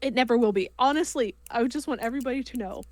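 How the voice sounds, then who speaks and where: A woman's voice: a little high, racing, darkish tone, no echo. A woman chatting casually on a livestream, emotional and rambling with lots of fillers. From United States. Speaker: co-host.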